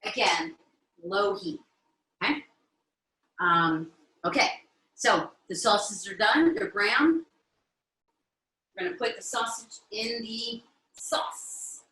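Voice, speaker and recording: A middle-aged woman with an Italian-American accent hosts a live cooking demonstration in her home kitchen, chatting and checking in with viewers often as she works. Her medium-pitched voice is sharp, slow, and full of long pauses, and the audio is roomy and poor.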